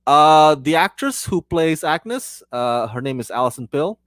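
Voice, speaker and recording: Animated, rambling male TV reviewer. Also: on the high side, a little slow, no echo. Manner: rambling and animated, with many restarts and bursts of laughter. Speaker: TV reviewer, channel host. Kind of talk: casual spoken episode review.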